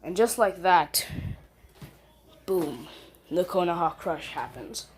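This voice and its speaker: A woman's voice: lowish voice, lively intonation, takes it slowly, slight background noise. Rambling young woman telling a fan story. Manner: rambling, self-correcting, many fillers. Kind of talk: casual storytelling.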